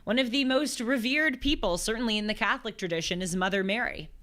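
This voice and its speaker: A woman's voice: fairly high pitch, fast, bright, forceful tone. A woman in her twenties hosting a talk show, giving earnest, thoughtful commentary on scripture and often restarting her phrases mid-thought. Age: 20s. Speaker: show host.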